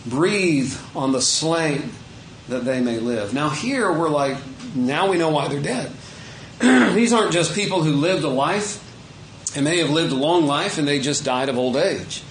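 A man preaching a sermon in a conversational way, reading scripture aloud and stopping to explain it with small self-corrections and soft chuckles. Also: fairly high pitch, animated, normal speed, reverberant, slight background noise, poor audio.

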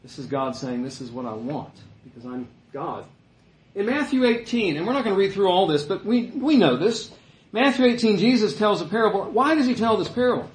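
A man's voice: sits high, very animated, a little fast, reverberant, low-quality recording. A male pastor preaching a sermon in a conversational way, rising to emphatic peaks.

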